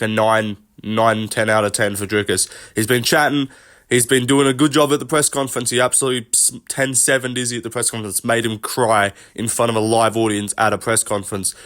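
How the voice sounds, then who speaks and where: A man's voice: mid-range voice, fairly bright tone. A man giving casual solo commentary on fights, blunt and profane in his banter. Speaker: MMA commentator.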